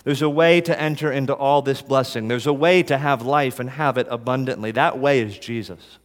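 A man preaching a sermon as pastor, dropping soft and slow, then rising loud in appeals. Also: mid-range voice, long reverb tail.

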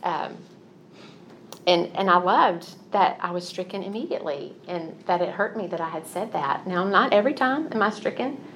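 A woman's voice: fairly low pitch, normal speed, fairly bright tone, a little hiss or hum. A middle-aged woman giving a Christian teaching talk, telling personal stories in an earnest, confessional way. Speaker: Christian speaker.

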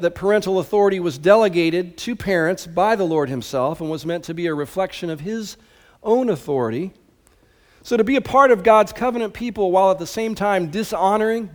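A pastor delivers a sermon with emphasis and casual asides to his listeners. His voice sits fairly high for a man. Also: a little mellow.

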